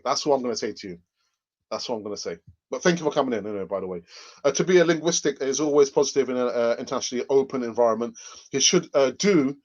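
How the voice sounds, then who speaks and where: A man hosting a casual live fan stream, joking, laughing often and reading out viewer comments. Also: medium pitch. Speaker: host of a live fan channel. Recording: dull lo-fi microphone sound.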